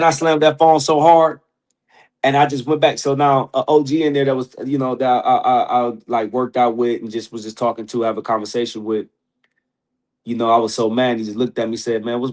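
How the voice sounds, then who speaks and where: A man who is a podcast guest, telling stories in casual slang, laughing often and acting out the people he quotes. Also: medium pitch. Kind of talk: casual storytelling.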